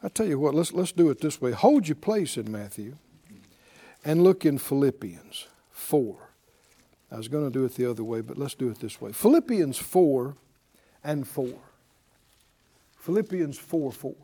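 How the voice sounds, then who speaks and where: A man teaching a Bible class as a sermon, animated and calling out to his class. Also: mid-range voice, moderate pace, long pauses, husky. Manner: animated, addresses the class, acts out panicked voices.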